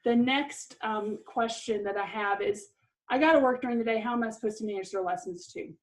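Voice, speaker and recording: Mom teaching a parenting class, earnest and encouraging, bit high pitched. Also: female voice, a little fast, poor audio. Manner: earnest and encouraging, laughs lightly. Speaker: parenting course presenter. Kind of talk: parenting lesson talk.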